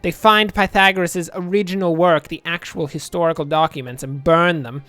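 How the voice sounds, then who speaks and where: A man's voice: on the high side, steady tone, moderate pace, a bit bright, no echo, soft background music. A young man casually commentating his gameplay, rambling and joking, muttering asides to himself at a home desk microphone. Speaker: let's play host.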